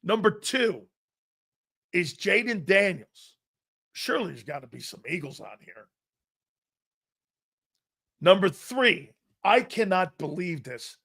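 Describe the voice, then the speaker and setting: A man's voice: high-pitched, slow pace, gravelly, pauses often, husky. Rambling male sports talk host. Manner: rambling storyteller, animated when reading a list. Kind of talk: casual sports talk monologue.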